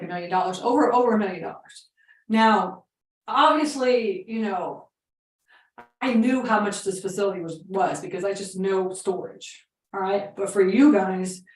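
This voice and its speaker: A woman's voice: mid-range voice, echoey room, far from the mic, low-quality recording. A woman coaching on real estate investing, telling a story in a chatty, casual way full of fillers and quoted dialogue.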